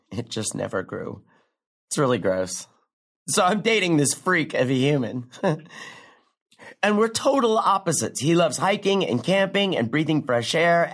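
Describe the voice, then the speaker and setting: A young woman playing a brash comic who delivers a rambling, sardonic, profane stand-up story with big leaps in pitch. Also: heavily acted. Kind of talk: stand-up comedy monologue in a drama.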